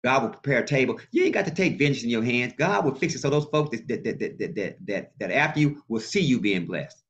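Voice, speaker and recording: A male pastor preaching a sermon in a colloquial, animated way and calling out to his congregation. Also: medium pitch, fairly quick. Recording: muffled lo-fi sound.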